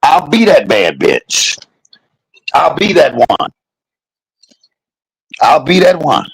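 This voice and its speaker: A man's voice: a little high, wildly swooping pitch, takes it slowly, no room sound, low-quality recording. A man in his fifties delivering a heated, profane rant to his viewers, repeating his points for emphasis. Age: 50s. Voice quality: gravelly, husky. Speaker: vlogger. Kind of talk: angry profane rant to camera.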